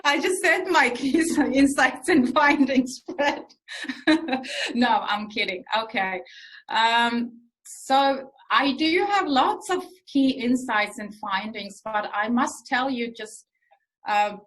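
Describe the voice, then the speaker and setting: A woman researcher answering interview questions in an earnest, explanatory way, pausing often with fillers as she thinks. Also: medium pitch, a bit bright, poor audio. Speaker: researcher guest.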